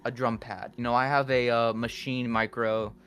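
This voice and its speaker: A man's voice: mid-range voice, little pitch movement, moderate pace, fairly bright tone. A young man, a guest music producer, chatting candidly on a podcast and rambling with lots of fillers. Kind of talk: casual podcast chat.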